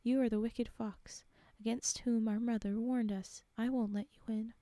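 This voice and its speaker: Small scared storybook pig, read by a woman, alarmed, soft mellow tone. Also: on the high side, steady tone, moderate pace, no room sound, close to an everyday voice. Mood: frightened. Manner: alarmed, refusing. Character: small frightened young pig, wary.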